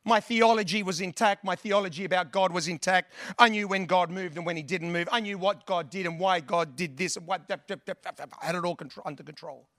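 A man's voice: high-pitched, fairly quick, few pauses, fairly bright tone, no room sound. Man, preacher, sermon, earnest, conversational, dry close sound. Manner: earnest, conversational, with long lists and restarts.

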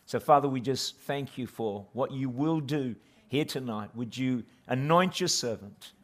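A guest pastor speaking at a church service, opening with a self-deprecating joke and then praying earnestly. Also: male voice, mid-range voice, unhurried. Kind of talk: sermon opening and prayer.

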